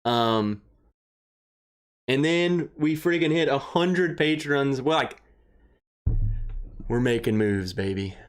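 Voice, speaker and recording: Young man, livestream host, casual rambling chat, excitable, emotional, mid-pitched voice. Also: takes it slowly, pauses often. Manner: rambling, excitable, emotional, greets chatters by name. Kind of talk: casual livestream chat, reading viewer comments.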